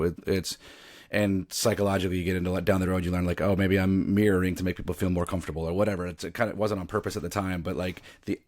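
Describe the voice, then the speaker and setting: A man's voice: deep voice, a little mellow, no room sound, clean studio sound. A man from the American South, an actor talking casually as a podcast guest, rambling with many restarts and a mostly neutral American accent. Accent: neutral American, faint Southern. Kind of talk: casual interview chat.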